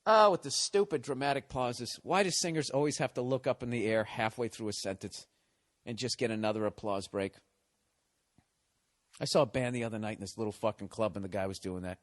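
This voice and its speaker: A comedian hosts his podcast with a casual storytelling rant, his pitch sitting in the middle of the male range. He swears constantly and sounds exasperated. He stops to correct himself and restart the story mid-sentence. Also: fairly quick, no echo. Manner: profane, exasperated, heavy swearing.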